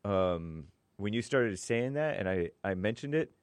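A man's voice: lowish voice, lively intonation, unhurried, smooth, dry recording. A man chatting casually as a churchgoing layman, rambling and hesitant, with fillers and self-corrections. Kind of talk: casual conversation.

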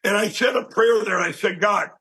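A man being interviewed, telling a long personal story in a rambling, animated way and acting out what people said. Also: sits high, a little fast, breathy edge, low-quality recording. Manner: animated, rambling storyteller who acts out quoted speech. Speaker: interview guest.

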